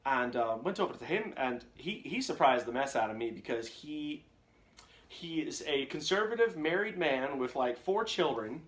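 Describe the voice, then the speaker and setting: A man's voice: medium pitch, expressive, a little slow, a bit bright. A young man, a voice actor, chatting casually in a live question-and-answer stream, rambling from one anecdote to the next with lots of fillers. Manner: rambling storyteller, jumps between anecdotes with many fillers.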